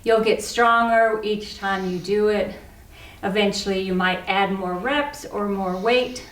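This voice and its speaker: A woman's voice: mid-range voice, steady tone, a little slow. A woman leading an exercise class for older adults, counting reps and cheering people on, a little out of breath. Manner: encouraging, counts reps aloud, cheers on the last reps. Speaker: fitness instructor. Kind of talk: guided exercise class instruction. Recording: echoey room, mic at a distance.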